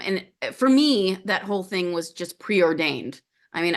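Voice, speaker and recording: A middle-aged woman telling a personal story as a podcast guest, in an animated way that acts out the voices of people she quotes. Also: fairly low pitch.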